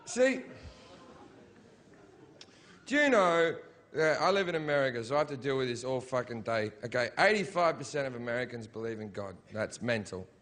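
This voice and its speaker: A man's voice: medium pitch, animated, moderate pace, long pauses, a bit bright. A middle-aged man doing a stand-up comedy routine on stage, blunt, profane and mocking. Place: comedy stage before a live audience.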